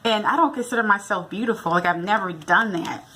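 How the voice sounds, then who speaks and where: A woman's voice: mid-range voice, fairly quick, pushed and bright, a little hiss or hum. A middle-aged woman from the United States, telling a story casually in a vlog and acting out the dialogue. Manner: chatty, retells a funny encounter with quoted dialogue. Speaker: vlogger.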